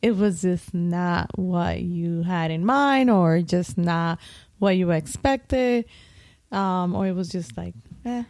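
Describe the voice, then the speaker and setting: A woman's voice: on the low side, takes it slowly, a little mellow, no room sound. A woman co-hosting a podcast, asking curious questions with plenty of "like" and "um.". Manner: curious interviewer, lots of "like" and "um". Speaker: podcast co-host. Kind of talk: casual chat.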